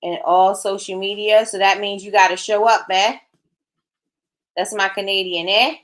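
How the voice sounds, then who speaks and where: A woman's voice: medium pitch, flat delivery, normal speed. A middle-aged woman hosting a casual livestream, chatting with viewers and reading their comments aloud in an encouraging way. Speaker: livestream host.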